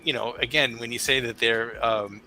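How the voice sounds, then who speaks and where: A man hosting a podcast, chatting casually and telling a rambling, animated story as a father. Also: mid-range voice, moderate pace, rough recording. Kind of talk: casual conversation.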